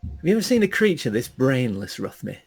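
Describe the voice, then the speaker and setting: A man voicing a gruff male mercenary who swears and grumbles with mock anger at a dog. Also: medium pitch, very animated, a little fast, darkish tone, faint music behind, exaggerated voice. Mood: mock grumpy.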